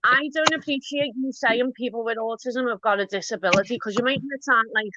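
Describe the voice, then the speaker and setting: A woman's voice: on the high side, a little fast, noisy background. A woman calling into a live-stream panel, confronting the host firmly about how he talks about autism. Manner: firm, upset, confronting. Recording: dull lo-fi stream audio.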